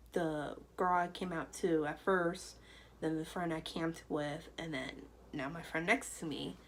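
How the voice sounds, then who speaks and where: Young girl vlogging her story, kinda low voice, rambly with lots of "you know", faint hiss behind. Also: low-quality recording. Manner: chatty, loose, full of "you know" and "like". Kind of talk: personal storytelling to camera.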